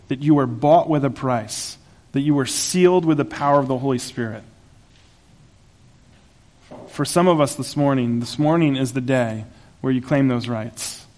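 A man's voice: mid-range voice, normal speed, long pauses. A pastor preaching a sermon to his congregation in a conversational, humorous way, laughing at his own asides. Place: church sanctuary.

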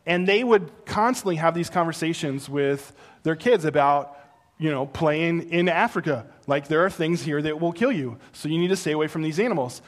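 Here a middle-aged man in the role of pastor alternates between two modes: lively stories that climb to loud, high-pitched exclamations, and slow, quiet, sincere teaching.

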